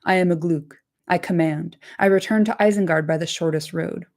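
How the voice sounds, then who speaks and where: Woman reading as a commanding male orc captain, deep growl, boastful, low and dark tone. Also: steady tone, moderate pace, lightly acted. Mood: gruff. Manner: boastful, barking orders.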